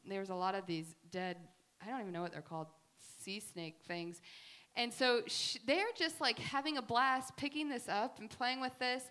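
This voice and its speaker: Woman speaker, faith talk, bright forceful tone, pitched a bit high, lively chatty storytelling. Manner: animated, chatty storytelling with many fillers. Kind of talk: faith talk with personal stories and slides.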